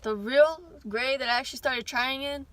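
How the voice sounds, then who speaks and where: A woman's voice: high-pitched, moderate pace, a bit bright, no echo. A young woman telling a casual storytime on her vlog, chatty and rambling, swearing often and breaking into asides. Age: young adult. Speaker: vlogger.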